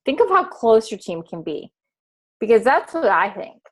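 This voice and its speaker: A woman's voice: on the high side, very animated, moderate pace. An earnest woman in her forties who leads a team and tells her story plainly. She speaks on a casual group video call. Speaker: team leader.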